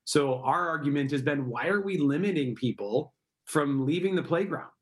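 Middle-aged male guest, slightly high pitch, earnest advocate tone. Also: animated, moderate pace. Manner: earnest, advocating, rhetorical questions. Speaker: guest, park project founder. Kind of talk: interview answers.

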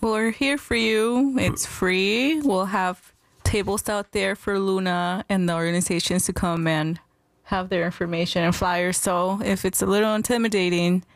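A woman's voice: mid-range voice, steady tone, moderate pace, no room sound. A woman from the library speaking as a guest on a local radio show, explaining events in a friendly, informative way. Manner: friendly, informative, laughs easily. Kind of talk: casual radio interview.

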